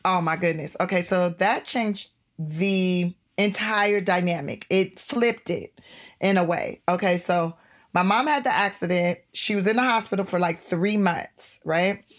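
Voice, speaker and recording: A middle-aged woman comedian telling stories in a casual interview, animated and laughing, acting out voices in her anecdotes. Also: lowish voice, measured pace. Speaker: comedian and guest.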